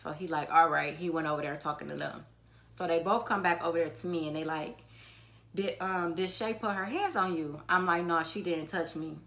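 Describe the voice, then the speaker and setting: A woman's voice: lowish voice, a little fast. A young woman from the telling a storytime, swearing freely and acting out what people said. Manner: animated, swears freely, acts out quotes in a raised voice. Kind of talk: casual storytelling to camera.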